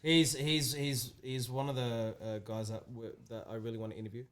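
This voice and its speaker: Halting, hesitant man in casual chat. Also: medium pitch, level tone. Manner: halting, many restarts and fillers.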